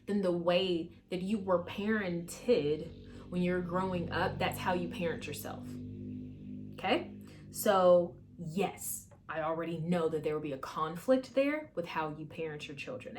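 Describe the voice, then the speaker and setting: A woman's voice: lowish voice, darkish tone. A woman giving a casual, rambling channeled tarot reading at home, with fillers and the odd swear word. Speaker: tarot reader. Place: home with washer running.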